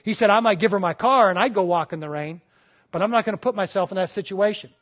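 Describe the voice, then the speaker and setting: Here a male pastor with a high, slightly bright voice preaches at a quick pace, keeping the sermon conversational. Frequently turning to the congregation, he acts out short stories and gives each character its own voice.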